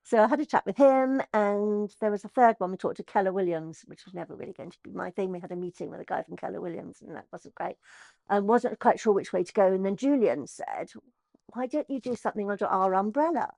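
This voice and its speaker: A middle-aged woman, an estate agent telling her story in an interview, chatty and animated. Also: mid-range voice, quick pace, vocal fry, no echo. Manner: chatty, animated, acts out quoted voices.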